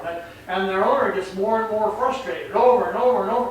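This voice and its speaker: A male dog trainer with a high voice talks a little fast on camera, giving a casual, rambling, chatty explanation and acting out voices. The recording is very echoey, with a distant mic and faint noise.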